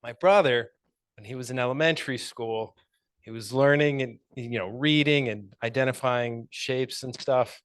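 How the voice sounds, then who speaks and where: A man's voice: mid-range voice, normal speed, clean tone, no echo. Thoughtful man giving an impromptu answer. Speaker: club member answering an impromptu question. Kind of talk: impromptu speech.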